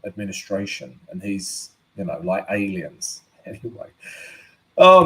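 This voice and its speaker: Male host, live market analysis, unhurried and conversational, mid-range voice. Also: medium pitch. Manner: chatty, keeps adding "right?". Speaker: forex trading host.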